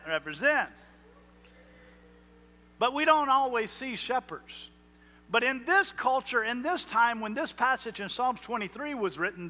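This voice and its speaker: A male pastor preaching a sermon, emphatic, with slow dramatic pauses on key words. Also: high-pitched, sharp tone. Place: church sanctuary. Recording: reverberant hall.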